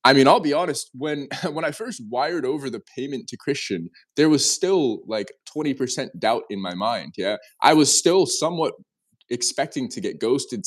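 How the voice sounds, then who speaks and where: A young man in his twenties spins a story in a casual interview, animated and earnest, voice sitting at an ordinary middle pitch. He trips over his words and restarts sentences as he goes. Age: 20s. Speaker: interview guest.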